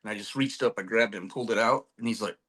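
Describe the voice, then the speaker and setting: A man's voice: lowish voice, racing, fairly bright tone, breathy edge. Profane storytelling middle-aged man. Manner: rambling, profane, laughs often. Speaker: guest, military trainer. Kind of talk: casual storytelling chat.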